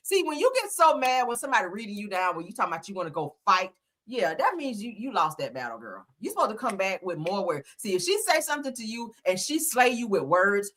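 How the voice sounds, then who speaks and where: A woman's voice: a little high, husky. A woman hosting a casual gossip commentary show, sassy and laughing, reading people down with slang. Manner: loud, sassy, laughing, drawn-out mock singing. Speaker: commentary channel host.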